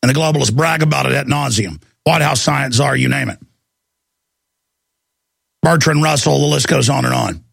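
A man's voice: medium pitch, normal speed, gravelly, long pauses, fairly bright tone, breathy edge, no room sound. A man hosting a call-in talk show, delivering an angry, intense ranting monologue. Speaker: talk show host taking calls.

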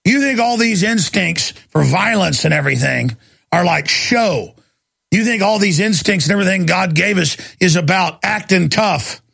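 A middle-aged man hosting a radio talk show, delivering an angry rant, shouting and pushing his voice up when worked up. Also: expressive, normal speed, gravelly, husky. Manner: shouting and ranting, voice climbing high when angry.

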